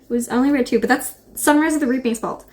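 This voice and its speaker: A woman's voice: high-pitched, quick pace, darkish tone. A young woman vlogging about books in a casual, gushing, rambling way, with lots of "like" and "honestly". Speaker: book vlogger. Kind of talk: casual chat to camera.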